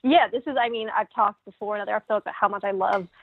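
A woman's voice: medium pitch, racing, slightly rough, dry recording. A woman co-hosting a podcast, chatting eagerly about a singer's vocal style and laughing often. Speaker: podcast co-host. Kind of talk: casual chat about music. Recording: tinny phone-like remote line.

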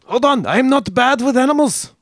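A cranky, aggressive farmhand , put on by a man, barks in an exaggerated fake German accent. His voice shoots up well above a normal speaking pitch, gruff and clipped, and the sound is dry and close. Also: animated, normal speed, a bit bright, no echo. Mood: defensive.

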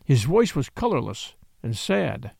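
A man narrating a mystery story in a measured, expressive audiobook reading. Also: medium pitch, vocal fry, husky, no echo, clean studio sound.

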